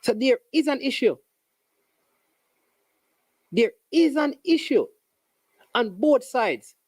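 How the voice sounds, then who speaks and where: A host with a Jamaican accent giving an animated, sarcastic casual commentary monologue with local phrases. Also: sits high, slow pace, slightly rough, no room sound.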